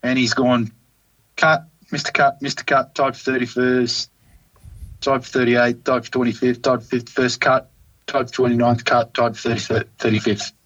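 A man with an Australian accent co-hosting a casual golf podcast, ranting in an animated, exasperated way. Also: medium pitch, normal speed, dull audio. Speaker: podcast co-host.

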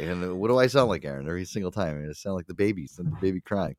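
A man's voice: low voice, expressive, fast talker, few pauses, no room sound. A man hosting a podcast in casual chat, rambling, swearing freely and laughing often. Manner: crude, rambling, laughs a lot. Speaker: podcast host.

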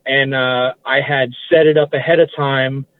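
A man's voice: mid-range voice, steady tone, moderate pace, smooth, no echo. Man on a tinny phone line. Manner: rambling, self-correcting recollection. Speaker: guest. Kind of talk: casual interview chat.

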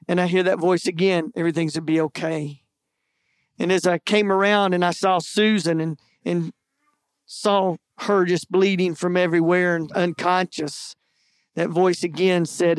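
High-voiced man preaching a testimony. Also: smooth, dry recording, studio quality. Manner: earnest storytelling with self-deprecating jokes. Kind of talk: sermon testimony storytelling.

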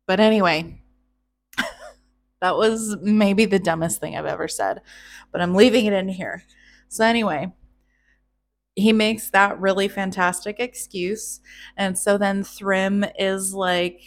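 A woman telling an old myth in a casual, chatty way, slow and unhurried in her delivery. Her tone is irreverent, with swearing and little laughs at her own jokes, at an ordinary middle pitch. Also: steady tone. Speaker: storyteller host.

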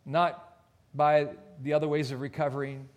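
Male pastor, earnest sermon delivery with hushed drops, slightly high voice. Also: level tone, normal speed. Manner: earnest, dips to near-whisper on soft points. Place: church.

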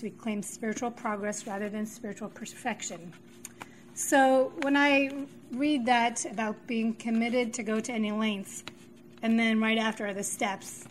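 A woman giving a halting personal share at a recovery meeting, pausing and restarting often, recorded in a meeting room. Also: on the high side, a little hiss or hum, rough recording. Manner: halting, many fillers and restarts.

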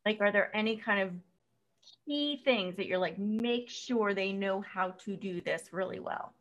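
A woman's voice: mid-range voice, unhurried, a bit bright, rough recording. A woman hosting an interview, encouraging and full of filler words as she asks questions. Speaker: host. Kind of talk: interview host, parent.

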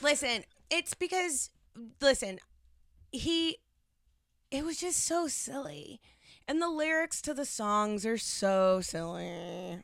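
A young woman co-hosting a podcast in casual chat, animated and quick with jokes. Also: high-pitched, gravelly, no room sound, clean studio sound. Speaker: podcast co-host.

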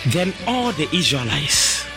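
A man preaching a sermon with an impassioned, sing-song cadence that builds to shouted, repeated exhortations. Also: fairly high pitch, sing-song, measured pace, over music.

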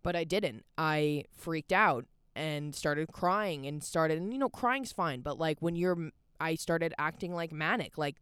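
A woman's voice: sits low, normal speed, clean tone, no room sound, studio quality. Candid young woman rambling to the mic. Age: young adult. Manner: candid and rambling, heavy use of "like". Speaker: podcast host. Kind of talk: casual personal monologue.

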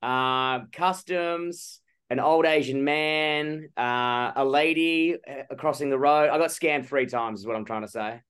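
This young Australian co-host tells a sweary, mock-outraged story on a casual podcast, talking a little slowly but with hardly any pauses. His mid-range voice has a clean, slightly bright tone, and the audio is a phone or laptop call from abroad.

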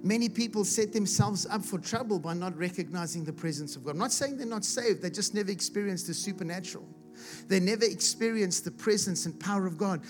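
High-voiced impassioned male preacher. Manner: impassioned, builds to shouting, repeats "he said". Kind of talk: sermon. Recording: music playing behind the voice.

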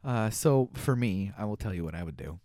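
A man's voice: on the low side, lively intonation, a little fast, warm tone, dry recording, studio quality. A man in his thirties from Minnesota hosting a podcast, chatty and playful with easy laughs. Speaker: podcast host. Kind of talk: casual chat.

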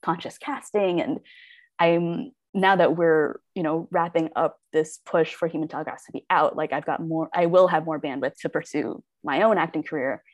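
A woman actor chats openly in a podcast interview, filling her talk with fillers and little quoted asides. Her voice sits a bit low, and the recording is dry and close. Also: fairly even intonation, moderate pace, no room sound. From United States. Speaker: actor and web series creator.

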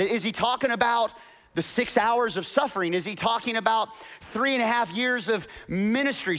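A male pastor preaches in a church with a fairly high voice. He drops to near-whispers, then builds to loud, shouted proclamation. He calls on the congregation to repeat after him. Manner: swings from hushed storytelling to rising, shouted proclamation. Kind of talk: sermon.

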